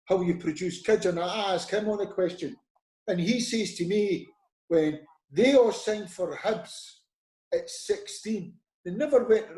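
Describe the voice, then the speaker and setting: Animated Scottish man with a dark voice. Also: high voice. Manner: animated anecdotes, acting out quoted voices. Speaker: former football manager, guest. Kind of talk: conversational storytelling. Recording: roomy echo.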